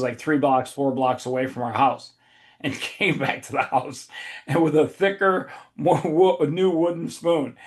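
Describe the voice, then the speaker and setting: A man hosting a casual podcast, telling long rambling stories with frequent restarts and laughs. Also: fairly high pitch. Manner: rambling, self-interrupting, laughs mid-story. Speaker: podcast host. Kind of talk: casual conversational storytelling.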